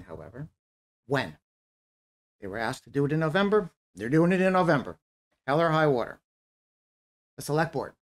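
Blunt critical man at a town forum. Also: mid-range voice. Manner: blunt, critical, repeats points. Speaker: resident commenter. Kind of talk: public comment at a town forum.

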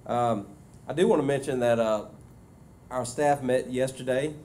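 A man's voice: medium pitch, unhurried, a little mellow, slight background noise. A man, a school superintendent giving his report at a board meeting in a casual, filler-heavy way. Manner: conversational, many fillers and restarts. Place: meeting room.

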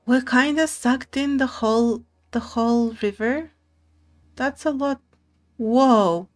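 A woman streamer giving soft-spoken, playful commentary over a puzzle game, reading game text aloud and giggling along. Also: on the high side, slow. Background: faint game music.

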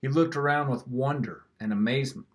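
A man gently reading a picture book aloud to children, with an expressive storytelling manner. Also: medium pitch, a little fast.

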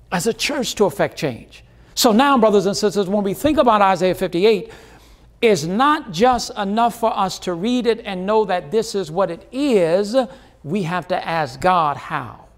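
A man preaching a sermon as pastor, driving points home with repeated phrases and questions to the congregation. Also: high-pitched.

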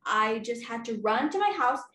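A teenage student actress performing a stage monologue as an anxious, literal-minded young child, speaking earnestly and repeating herself. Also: female voice, fairly high pitch, expressive, moderate pace, pushed and bright. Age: teens. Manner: earnest, repetitive, agitated. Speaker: student actor. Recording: echoey hall from far off, faint ambient noise.

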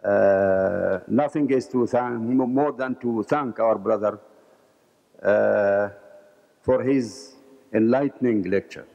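Slow, hesitant man. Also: lowish voice, gravelly, dark tone, dull audio. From Egypt. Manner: hesitant, many filler pauses. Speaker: audience member giving remarks. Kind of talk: remarks after a lecture. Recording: echoey hall.

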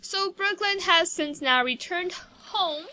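A woman's voice: very high-pitched, slow pace, bright, forceful tone. A woman giving casual, rambling commentary over a life-sim game, chatty and full of fillers. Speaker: gameplay video host.

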